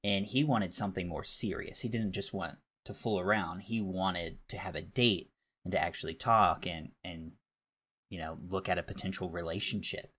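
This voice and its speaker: A man's voice: low-pitched, moderate pace, fairly bright tone, husky. A man in his thirties, a podcast co-host chatting candidly, with self-deprecating humor. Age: 30s. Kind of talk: casual chat.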